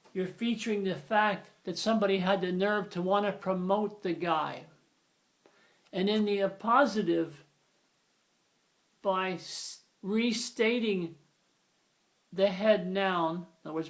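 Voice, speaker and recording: A man giving an informal, rambling grammar lesson, often correcting himself as he explains. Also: high voice. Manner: rambling, self-correcting, conversational. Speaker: grammar teacher.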